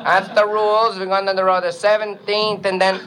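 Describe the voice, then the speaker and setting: A man's voice: flat delivery, brisk, rough recording. A man doing a stand-up impression of a fussy elderly bandleader who speaks in broken English and talks down to everyone. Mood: bossy. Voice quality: broken English, shrill and bossy. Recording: loud noise, audience laughter.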